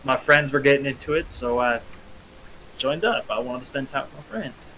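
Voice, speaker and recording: A man's voice: mid-range voice, pushed and bright, slight background noise, natural voice, poor audio. A man playing a hesitant young ruffian recruit. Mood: uneasy. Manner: hesitant, halting.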